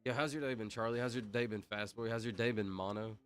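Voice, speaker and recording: A young man livestreaming, chatting loosely with his chat, reading out names and laughing loudly. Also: fairly low pitch, steady tone, quick pace, clean tone, faint music behind. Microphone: headset mic.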